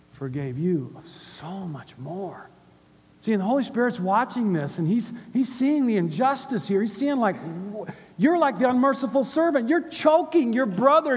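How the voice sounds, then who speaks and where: Animated preacher with hall reverb. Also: male voice, fairly high pitch, slight background noise. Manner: animated, emphatic, asks the room questions. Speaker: pastor. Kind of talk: sermon. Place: church hall with a congregation.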